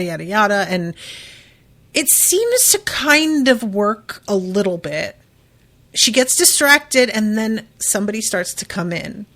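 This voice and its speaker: A woman's voice: mid-range voice, fairly bright tone. A woman hosting a podcast, recapping a book in a loose, chatty way with lots of fillers and casual swearing. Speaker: podcast host.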